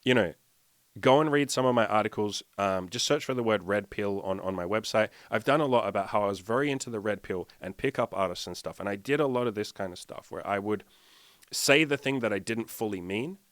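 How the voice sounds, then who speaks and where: Male dating coach, blunt and profane, lowish voice, dry close sound, acts out bits of dialogue. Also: brisk, a bit bright, no room sound. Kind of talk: casual monologue to camera.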